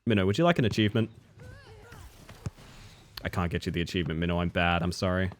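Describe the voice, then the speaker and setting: A man's voice: sits low, quick pace, a little hiss or hum. A man streaming a video game live, chatting casually with his viewers, laughing often and swearing freely. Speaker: livestreamer. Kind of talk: casual live gaming commentary.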